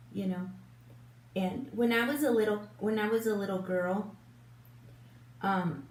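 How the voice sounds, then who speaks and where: A woman in her fifties chats slowly and unhurriedly as she gets ready, rambling with plenty of ums and restarts. She sits a bit back from the camera in a room with a roomy echo. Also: mid-range voice, a little mellow, distant mic. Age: 50s. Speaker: beauty vlogger. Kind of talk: casual get-ready-with-me chat. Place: room at home in front of a big lit mirror. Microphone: camera a little way off, turned sideways.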